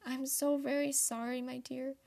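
A tender male possum father pleads softly, as a young woman reads him aloud in a storybook. The voice sits a little high with a gravelly edge. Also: level tone, normal speed. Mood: tender pleading. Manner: gentle, pleading. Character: loving devoted male possum father, trapped.

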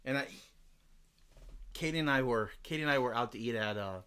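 A man co-hosting a casual podcast, ranting in an animated way and swearing freely. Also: medium pitch, fairly quick, clear, resonant tone. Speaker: podcast co-host. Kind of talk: casual chat.

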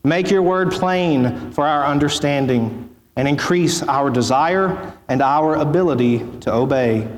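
A man preaching as pastor, reading scripture in a solemn, measured way before his sermon. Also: on the high side. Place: church sanctuary. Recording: echoey church hall.

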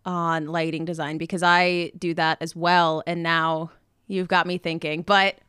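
A woman hosting a podcast in casual chat, bubbly and quick to laugh. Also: lowish voice, level tone, a bit bright, clear, resonant tone, dry recording, clean studio sound. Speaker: podcast host.

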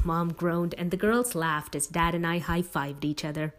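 A woman reading a first-person story aloud in a steady, plain narrating voice. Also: sits low, a little slow, hardly any pauses. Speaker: audiobook reader.

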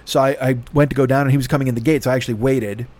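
A middle-aged man rambles through a story with dry sarcasm and constant swearing. He talks at an ordinary middle pitch, in casual monologue style. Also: steady tone, racing, darkish tone. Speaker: podcast host.

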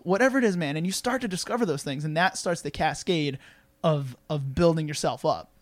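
A man's voice: fairly high pitch, brisk, dry recording. A man talking in a casual, enthusiastic, motivational way about fitness, peppering his speech with "man" and "like". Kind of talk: casual chat.

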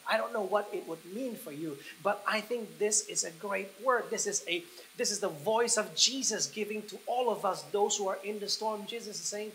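A man preaching a sermon, leading the listeners through a guided picture with slow, soft pauses that build into excited passages. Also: high voice, a little hiss or hum, low-quality recording. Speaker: pastor.

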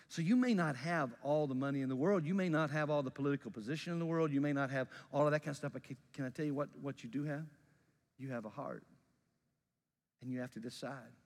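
A man preaching a sermon, telling a story conversationally with animated emphasis and building to a fervent close. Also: medium pitch, fairly quick, long reverb tail. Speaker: pastor.

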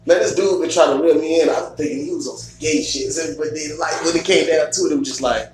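A man's voice: on the high side, fast, a little mellow, soft background music. A man in casual chat, a profane cohost who laughs often. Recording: echoey room from far off, faint hum.

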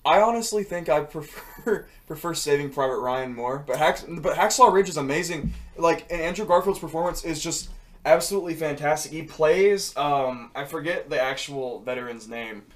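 A young man with a slightly high voice co-hosts a casual podcast chat. He speaks bluntly and teases the others. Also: moderate pace. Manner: blunt, teasing. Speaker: podcast co-host.

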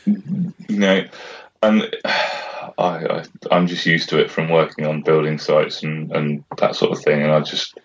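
A man's voice: extremely low pitch, little pitch movement, measured pace, muffled recording, slight background noise. A middle-aged man from Britain, chatting casually and rambling, swearing freely and laughing often. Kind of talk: casual chat.

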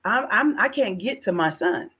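A middle-aged woman gives a heartfelt personal testimony, speaking earnestly at a mid-range pitch. She repeats words as she goes and calls her listener "sis" again and again. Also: lively intonation, normal speed, fairly bright tone, husky. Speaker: podcast guest.

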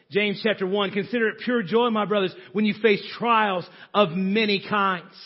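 A man preaching a sermon, swinging from shouting to hushed near-whispers. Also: very high voice, dull audio.

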